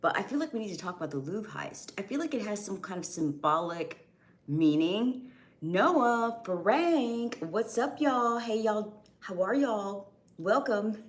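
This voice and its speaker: A woman's voice: mid-range voice, expressive, unhurried. A young adult woman hosting a casual live stream, chatting with viewers by name, her voice slightly strained and going. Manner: chatty, greets viewers by name, restarts sentences. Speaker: livestream host.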